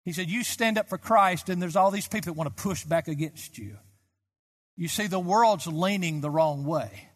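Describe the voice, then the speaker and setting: A pastor in his sixties preaching a sermon, impassioned and swinging from soft asides to loud, emphatic peaks. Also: high voice, moderate pace, in a large hall.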